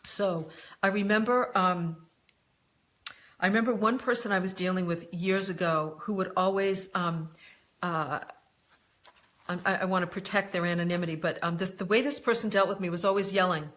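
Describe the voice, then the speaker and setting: A woman's voice: lowish voice, fairly even intonation, moderate pace, fairly bright tone. A woman coach answering viewer questions in a live online session, speaking candidly and directly, calling people by name, with frequent "um" and "you know". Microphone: live online broadcast.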